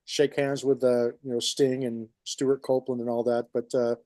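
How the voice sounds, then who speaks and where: A man's voice: medium pitch, flat delivery, moderate pace, dark tone, dry recording. A man with a New York accent co-hosting a podcast, telling long rambling stories in casual chat with many restarts. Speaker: podcast co-host.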